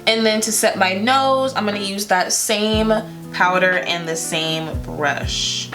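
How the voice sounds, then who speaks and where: A young beauty vlogger chats casually through a makeup tutorial, playful and loose, with lots of fillers and small laughs. Her mid-range, fairly bright voice moves slowly over guitar music.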